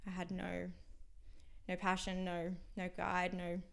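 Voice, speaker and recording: Low, gravelly young Australian woman. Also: monotone. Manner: halting, frank, often trails off into a near whisper. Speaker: podcast guest. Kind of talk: candid interview conversation.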